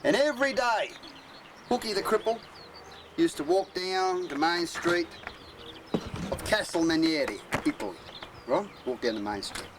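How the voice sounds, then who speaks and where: A man's voice: a little high, expressive, a little slow, pauses often, reverberant, background noise. An Australian man telling a crude, swearing yarn with acted-out voices. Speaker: storyteller.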